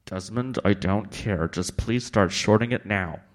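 A man's voice: on the low side, measured pace, lightly acted. A man voicing an insistent, argumentative middle-aged society woman.

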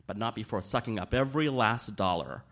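A man's voice: on the low side, lively intonation, fairly quick, a bit bright. A man voicing a catty, cackling society woman who relishes scandal. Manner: cackling, gleeful gossip.

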